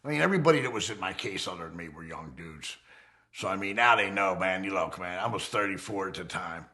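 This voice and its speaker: A man's voice: expressive, fast. A middle-aged man in a documentary interview, telling his own story bluntly, full of profanity, and acting out heated confrontations. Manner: profane, blunt, re-enacts heated confrontations with swings in pitch and loudness. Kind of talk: unfiltered storytelling in a fireside chat.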